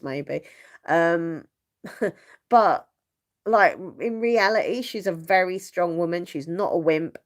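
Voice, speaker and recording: A young woman host chatting casually on a live stream from her bedroom at home, rambling and laughing often. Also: mid-range voice. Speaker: channel host.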